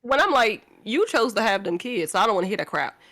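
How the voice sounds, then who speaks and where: A woman's voice: medium pitch, big pitch swings, fast talker, fairly bright tone. A woman who is a guest on a podcast, talking frankly and with strong opinions in casual chat.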